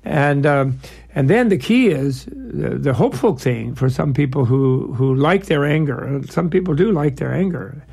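A man's voice: a little high, expressive, unhurried, vocal fry, a little mellow, breathy edge. A man as an interview guest, explaining ideas in a discursive, digressive way with playful analogies. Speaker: guest, Buddhist scholar.

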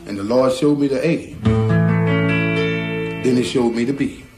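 A man, a guitarist telling a story from his childhood in a lively way and acting out the voices of people in it. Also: mid-range voice, a little slow. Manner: lively storyteller who acts out quoted voices. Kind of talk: spoken storytelling. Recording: roomy with faint guitar behind.

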